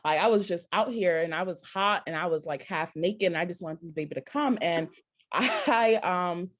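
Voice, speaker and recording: A woman co-hosting a casual panel chat, telling a lively story, acting out quotes and laughing often between lines. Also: lowish voice, moderate pace. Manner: lively storyteller who acts out quotes, heavy "like"; laughs often while talking. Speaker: podcast co-host.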